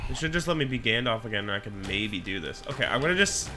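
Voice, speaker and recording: A man co-hosting a casual podcast, talking in a relaxed way while playing a video game. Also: mid-range voice, fast talker, over music. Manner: relaxed, laughs easily, talks while playing.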